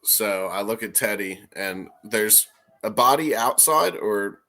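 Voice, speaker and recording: Man, low voice, tabletop player, laid-back, talks through his moves. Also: expressive, slow pace, sharp tone. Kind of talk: describing his character's actions.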